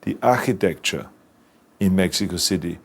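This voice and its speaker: A man's voice: deep voice, normal speed, gravelly, breathy edge. A man, the lead actor, talking emphatically in a featurette interview, sometimes stumbling over his words. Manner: emphatic with stammered restarts.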